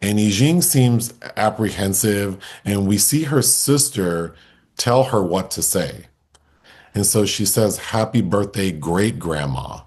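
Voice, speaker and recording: A man co-hosting a film review podcast, relaxed as he recounts a plot step by step in casual conversation. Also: fairly low pitch, slow pace.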